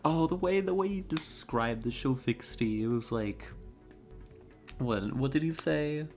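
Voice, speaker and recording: A woman's voice: rumbling low, expressive, slow, faint music behind. A woman streaming a video game, talking casually and in an easily moved way, with lots of fillers and laughter. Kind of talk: casual live-stream commentary.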